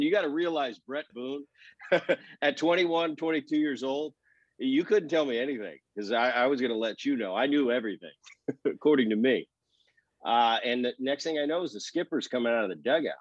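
A man's voice: medium pitch, no echo. A man in his fifties, a former ballplayer, telling stories in an interview and acting out the dialogue. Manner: animated storyteller, acts out quoted dialogue. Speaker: former baseball player, guest. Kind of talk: relaxed storytelling interview. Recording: dry, slightly dull sound.

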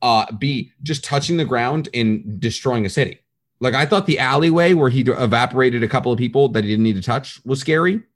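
Casting: male podcast co-host, average pitch, rambling animated chatter. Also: a little fast. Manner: animated, rambling, acts out quotes. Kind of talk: casual chat.

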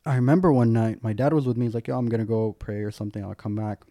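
A man's voice: on the low side, steady tone, fast, mellow, no room sound, clean studio sound. A man, a guest, telling a personal story in candid, casual talk, full of "like" and wry self-mocking humour.

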